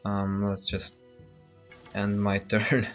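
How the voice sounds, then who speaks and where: A man's voice: lowish voice, monotone, takes it slowly, a bit bright. A man giving casual gameplay commentary, thinking aloud and hesitating with many fillers. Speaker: let's play host. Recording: muffled lo-fi with game music.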